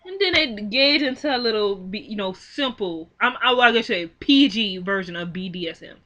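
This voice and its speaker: A young woman giving a casual film recap, animated and exclaiming, acting out the characters' lines in quick quoted bits. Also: medium pitch. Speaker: film reviewer. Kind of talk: casual movie recap and commentary.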